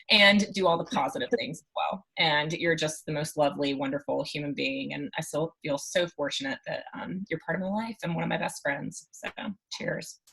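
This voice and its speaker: A woman's voice: deep voice, creaky, a bit bright, slightly rough, rough recording. A woman giving a sincere, affectionate birthday toast to a close friend over a video call.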